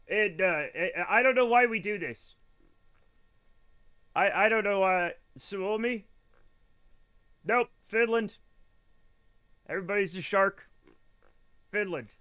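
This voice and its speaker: A man's voice: high-pitched, lively intonation, measured pace, pauses often, pushed and bright, clean tone. A man streaming a space game live, rambling and joking with his chat while he plays. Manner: rambling, jokey, talks to chat while playing. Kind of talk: casual gaming livestream chat.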